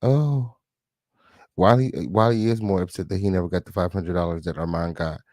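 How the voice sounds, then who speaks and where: A man's voice: low-pitched, moderate pace, a little mellow, no echo, studio quality. A man hosting a live stream, reacting with sassy, profane commentary and asking viewers for support.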